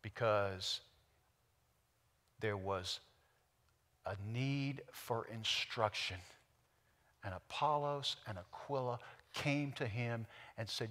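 A man with an Oklahoma accent preaching a sermon, folksy and animated, often building to loud excitement. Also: medium pitch, slow pace, pauses often, long reverb tail. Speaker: pastor.

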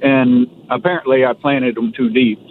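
A man's voice: medium pitch, steady tone, normal speed. A male caller on a call-in radio show, explaining his garden problem in a plainspoken, rambling way. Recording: tinny phone line with faint hiss.

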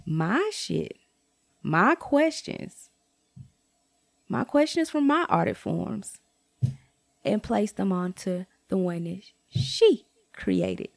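A young adult woman telling a casual storytime rant to her viewers, blunt and profane, with jumps to high exclamations. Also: slow, creaky, pauses often. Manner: animated, swings to high exclaims. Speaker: vlogger.

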